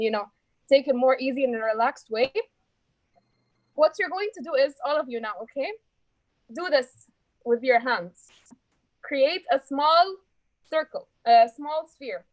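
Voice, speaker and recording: A woman's voice: high-pitched, dry recording, rough recording. A woman reports filler-word counts to her speaking club in a chatty, encouraging way and calls people dear. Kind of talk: friendly report and breathing exercise.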